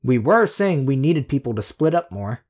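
Man reading a wry, quick teen girl schemer. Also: mid-range voice, sing-song, darkish tone, pitched above the performer's own voice. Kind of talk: audiobook character voice.

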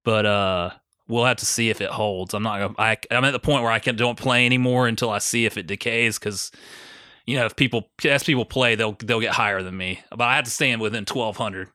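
A young man with a bright, forceful voice chats casually on a podcast and tells profane stories. He mocks people by mimicking their lines. His voice is recorded close and dry. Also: fairly low pitch, steady tone, fairly quick, dry recording. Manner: profane storytelling, mocks others in quoted voices. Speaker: podcast co-host. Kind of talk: casual chat.

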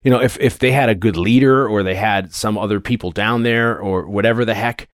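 Low-voiced man in his forties, rambling. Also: a little fast, dry recording, studio quality. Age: 40s. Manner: rambling, animated, many fillers and restarts. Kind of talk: casual film discussion.

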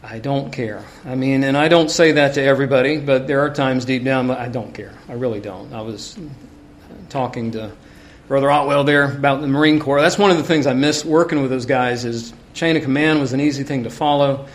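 A man's voice: mid-range voice, fairly quick. A middle-aged man preaching a sermon in a conversational way, telling personal stories with frequent asides.

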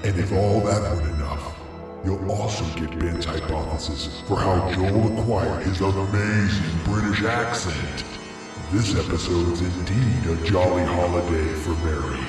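A man reading a scripted episode intro in a measured, wry way. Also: sits low. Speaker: show announcer. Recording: echoey and distant over music. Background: music.

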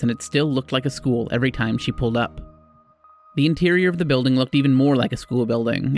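Man narrating a tabletop game. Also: mid-range voice. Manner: measured storytelling, then thoughtful rambling with fillers. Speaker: game master. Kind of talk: scripted narration and casual chat.

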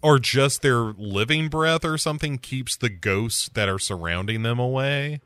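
A man hosting a podcast, casually retelling a horror movie's plot with jokes and quick put-on voices. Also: medium pitch, dry recording, clean studio sound. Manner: jokey, animated plot retelling with quoted voices. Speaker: podcast host.

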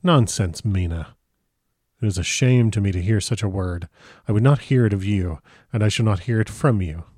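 A man's voice: fairly low pitch, normal speed, darkish tone, slightly rough, no echo, studio quality. A man voicing a frantic young husband who cries out and pleads with urgent alarm. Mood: resolute.

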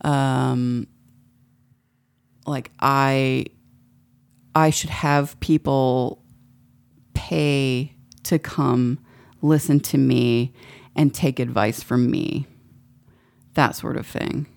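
Woman w/ a deep creaky voice, talks slow, rambly and sweary. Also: fairly even intonation, a little mellow. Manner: rambling, frequent profanity. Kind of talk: casual chat.

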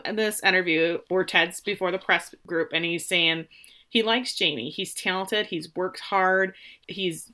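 A woman co-hosting a casual chat, recapping a TV episode with lively retelling and quick voices for the characters. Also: fairly low pitch. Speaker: podcast co-host recapping a TV episode.

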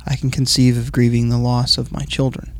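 A man's voice: medium pitch, little pitch movement, a little fast. Hesitant man asking questions. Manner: hesitant, questioning, many restarts. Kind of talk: casual discussion.

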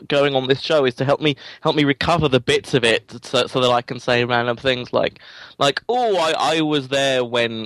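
A man's voice: mid-range voice, fairly bright tone, no echo. An English man speaks as a podcast guest with an accent that has drifted somewhat toward American. He talks in a rambling, self-deprecating way with lots of restarts, in an ordinary mid-range voice, recorded close and dry. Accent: English, softened toward American. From England. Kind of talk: casual interview chat.

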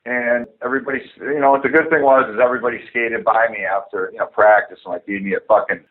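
A man, a former hockey player, telling a profane, lively story as a guest. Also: mid-range voice, fast talker. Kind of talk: storytelling anecdote. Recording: phone-like narrow band.

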